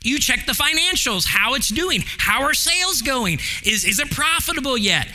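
A man preaching a sermon as pastor, animated, with big swings from excited highs to hushed lows and the odd filler. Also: moderate pace.

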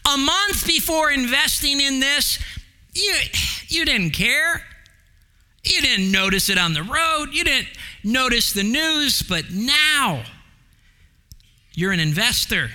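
A man preaching a sermon as pastor, animated, with big swings from excited highs to hushed lows and the odd filler. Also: slow, pauses often.

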